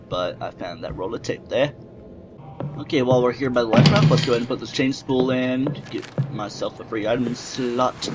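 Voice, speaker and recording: A man's voice: mid-range voice, low-quality recording. A man giving let's-play commentary on a game he is playing, rambling and joking to himself as he goes. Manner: joking, rambling self-talk while playing.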